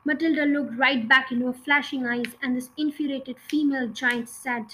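High-voiced woman reading a children's book. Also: fairly even intonation, normal speed, few pauses, fairly bright tone, slightly rough, rough recording. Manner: reads with occasional slips and restarts. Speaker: audiobook reader. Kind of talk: reading a children's novel aloud.

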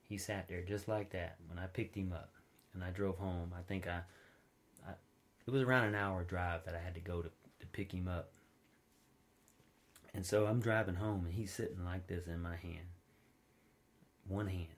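A man preaching a sermon in a relaxed, conversational way, telling personal stories with big swings between loud high peaks and low quiet passages. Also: moderate pace, pauses often. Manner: informal storytelling, wide swings in pitch and loudness, drops low and quiet for stories.

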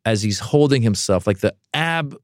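A comedian, a man, telling a story in a lowish voice, recorded close and dry. He is animated and acts out the people in the story, with sudden jumps up into high, excited voices. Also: moderate pace, no room sound. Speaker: comedian guest. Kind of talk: casual storytelling interview.

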